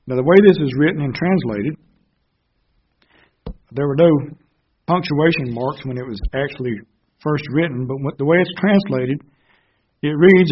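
A man's voice: fairly high pitch, moderate pace, long pauses, husky, muffled recording. A man preaching a Bible sermon, earnestly explaining verses step by step.

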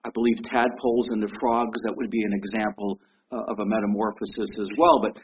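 Fairly quick and level in tone, this man's lowish voice carries a conversational sermon. He's in his fifties, frequently repeats words, and keeps asking listeners questions, captured on a dull lo-fi recording with faint noise.

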